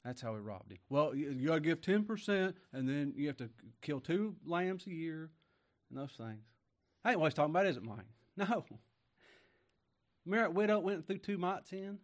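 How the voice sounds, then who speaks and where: A man's voice: fairly high pitch, sing-song, normal speed. Folksy preacher man. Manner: folksy, conversational preaching with rhetorical questions; swings between loud emphasis and quiet asides. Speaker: pastor. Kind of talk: sermon.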